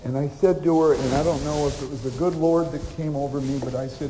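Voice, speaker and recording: Animated male keynote storyteller in hall. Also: on the high side, fast, hardly any pauses. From Omaha, Nebraska. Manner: animated storyteller, acts out dialogue. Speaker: motivational speaker. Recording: reverberant hall with faint noise.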